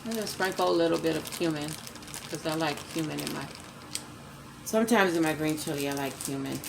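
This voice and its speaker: Speaking a little fast in a low, gravelly voice, a cooking vlogger walks viewers through a casual dish in her home kitchen. She's chatty, calls her audience "you guys," and echoes each ingredient's name as she adds it, with noise in the background.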